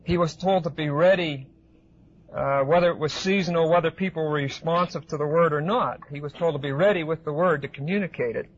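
A man giving an expository Bible lecture to a class, pausing often with fillers and checking in with his listeners. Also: a little high. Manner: hesitant with frequent uh fillers, asks class questions. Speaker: Bible teacher. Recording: dull lo-fi recording.

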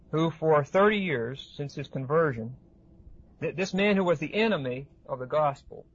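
A man teaches a Bible class in a slightly high voice, pausing often with fillers and checking in with his listeners. The recording is dull and lo-fi. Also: slightly rough. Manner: hesitant with frequent uh fillers, asks class questions. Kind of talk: expository Bible lecture.

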